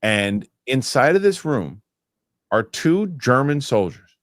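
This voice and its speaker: A man's voice: medium pitch, sing-song, slow, dry recording, studio quality. A man hosting a live show and reading viewer comments aloud. He rambles, corrects himself and gets worked up over his pet peeves. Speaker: show host.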